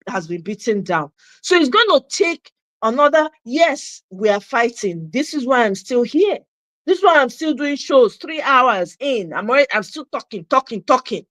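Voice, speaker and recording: A woman's voice: on the high side, fairly bright tone, no room sound. A woman with a Nigerian accent hosting a live political commentary show, ranting passionately and slipping Pidgin into her English. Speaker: host.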